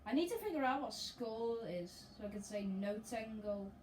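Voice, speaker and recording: Woman, let's play commentary, chatty and excitable, slightly high voice, faint background noise. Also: moderate pace. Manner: chatty and excitable, talking to herself over gameplay. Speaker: video game player.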